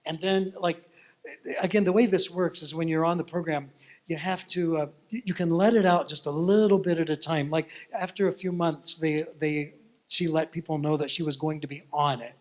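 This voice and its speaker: A male pastor preaching with a high voice. He tells his story in an animated, folksy way that keeps the congregation listening. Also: moderate pace. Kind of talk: sermon storytelling.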